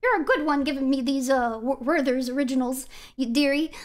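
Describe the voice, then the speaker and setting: A woman's voice: fairly quick, natural voice. A woman voicing a doting, rambling old grandmother who stammers and reminisces about the old days. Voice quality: high and squeaky.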